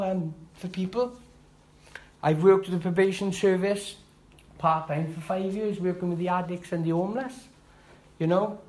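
A man's voice: a little high, darkish tone, low-quality recording. Heartfelt man giving testimony. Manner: halting and heartfelt, with restarts and rising emphasis. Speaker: testimony speaker. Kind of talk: personal church testimony.

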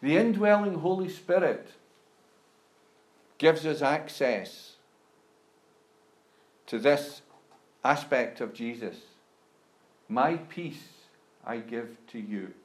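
Slow, deliberate male preacher in a roomy hall. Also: mid-range voice, lively intonation. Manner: slow, deliberate, emphatic rises when reading scripture. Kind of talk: sermon. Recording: roomy echo.

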